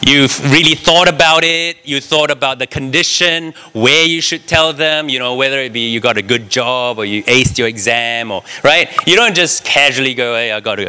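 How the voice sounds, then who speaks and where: A man's voice: mid-range voice, moderate pace, few pauses, clean tone. A man preaching a sermon, reading scripture and explaining it, often asking the congregation "right?". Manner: animated, talks to the congregation with frequent "right?".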